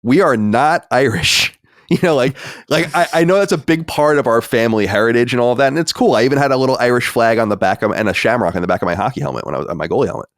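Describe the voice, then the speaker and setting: A man's voice: medium pitch, fast, no room sound, clean studio sound. An American man hosting a podcast in casual, rambling chat, emphatic and swearing freely. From United States. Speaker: podcast host.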